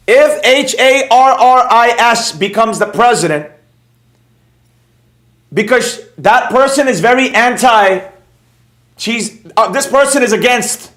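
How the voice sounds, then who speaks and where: A man with a high voice rants on a casual livestream, sarcastic and animated, hammering the same phrases over and over. The sound is roomy and echoey. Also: slow pace, long pauses. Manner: animated, sarcastic, repetitive ranting. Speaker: trading educator and livestreamer.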